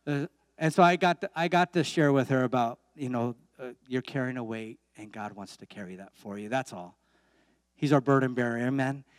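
A man's voice: medium pitch, brisk, no echo, studio quality. A man preaching a sermon as pastor in a church, emphatic, with repeated calls and amens.

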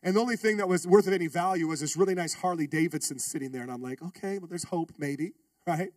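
Male pastor, storytelling sermon, lively and funny, high voice, dry off-mic sound. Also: rapid-fire, dry recording, recorded from a distance. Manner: animated, humorous, calls out to the congregation.

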